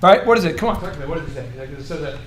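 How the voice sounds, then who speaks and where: Animated high-voiced male business coach. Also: rapid-fire, a crowd in the background. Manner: animated, joking, acts out quoted voices. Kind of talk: coaching workshop talk.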